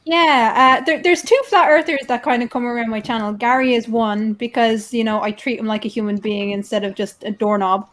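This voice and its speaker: A woman's voice: fairly high pitch, steady tone, brisk, few pauses, a bit bright. A woman with a Dublin Irish accent, hosting a casual chat and often stammering and repeating herself. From Ireland. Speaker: host.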